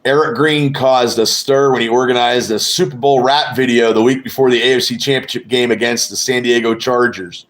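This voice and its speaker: A man talking loosely on a live podcast stream, rambling from thought to thought and cursing freely. His voice sits at an ordinary middle pitch, and he trash-talks rival fans in a relaxed home-stream way. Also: fairly quick, few pauses. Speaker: podcast host. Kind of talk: casual live-stream chat.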